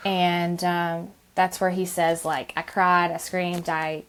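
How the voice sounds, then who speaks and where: A woman in her thirties, a podcast guest speaking gently in conversation, with frequent ums and restarts. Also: fairly low pitch, flat delivery, slow, clean tone. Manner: soft-spoken, many ums and restarts. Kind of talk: conversational interview.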